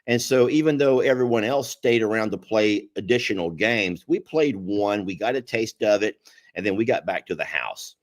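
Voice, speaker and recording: A man co-hosting a casual chat show, telling a story with a lot of energy. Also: moderate pace. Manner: animated storyteller, pitch jumping up when excited. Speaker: podcast co-host.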